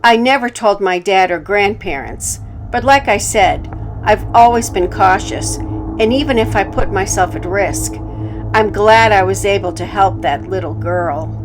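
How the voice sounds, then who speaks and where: A woman narrating horror stories for her channel in a calm, measured way. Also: medium pitch, music in the background, low-quality recording.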